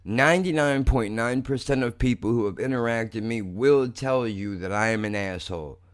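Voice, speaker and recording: A young man hosting a podcast, talking in a blunt, profane, rambling way that turns angry fast. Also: mid-range voice, clear, resonant tone. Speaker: podcast host. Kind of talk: casual monologue.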